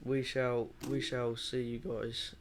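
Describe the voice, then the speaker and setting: Gravelly, tired man. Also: medium pitch, flat delivery, noisy background. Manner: hesitant, halting, many ums and restarts. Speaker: podcast co-host. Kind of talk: casual late-night chat.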